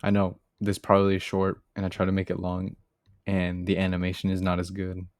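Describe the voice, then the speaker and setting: A young man with a low, deep voice tells a childhood story in casual storytime fashion. He rambles, leans on fillers and sounds a bit sheepish, recorded close and dry with no room sound. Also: monotone, brisk, no echo. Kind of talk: casual animated storytime narration.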